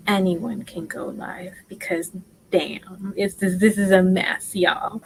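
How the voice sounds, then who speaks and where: A woman teaches crochet live in a fairly low voice with little pitch movement, over poor audio with slight background noise. The tutorial is casual; she talks slowly and chattily, teases herself, and mutters stitch counts as she works.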